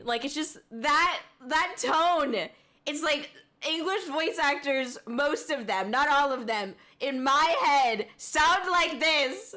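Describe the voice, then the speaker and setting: A woman's voice: high-pitched, slow pace, bright, forceful tone. A woman streamer chatting casually and reacting to clips, rambling and giggly and swearing freely. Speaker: VTuber streamer.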